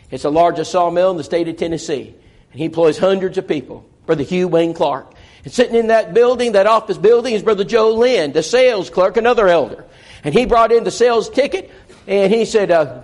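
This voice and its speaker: High-voiced preacher telling a story. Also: male voice, a little mellow. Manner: acts out dialogue from a story, earnest and folksy. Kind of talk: sermon with storytelling.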